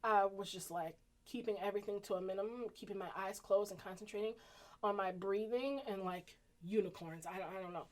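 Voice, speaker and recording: A woman in her thirties with a Southern US accent, telling a personal story casually to her viewers and acting out the people in it. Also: brisk. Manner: animated, acts out quoted voices with pitch jumps. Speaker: vlogger.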